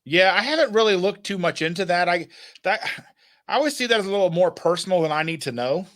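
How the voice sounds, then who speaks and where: A man's voice: high-pitched, expressive, quick pace, a bit bright. A man hosting a podcast, talking casually and rambling through his stories with frequent restarts and fillers. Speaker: podcast host. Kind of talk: casual chat.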